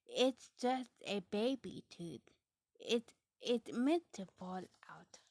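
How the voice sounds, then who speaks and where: Woman doing a soothing storybook mother pig, slow, dry sound. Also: mid-range voice, animated, no room sound. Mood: reassuring. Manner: soothing and explaining, with a fond laugh. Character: gentle, patient mother pig.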